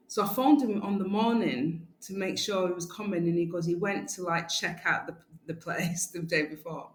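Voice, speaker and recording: A woman guest telling lively stories in a casual interview. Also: on the low side, fairly quick, few pauses. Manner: lively, animated storyteller. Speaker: guest, community organiser. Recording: echoey room, faint background noise.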